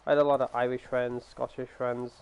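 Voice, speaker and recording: A man's voice: medium pitch, level tone, a little fast, vocal fry, highs cut off. A young English man streaming a game, chatting casually and rambling with lots of fillers into a headset mic. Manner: rambling, explains with many fillers. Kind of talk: casual chat while gaming. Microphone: gaming headset.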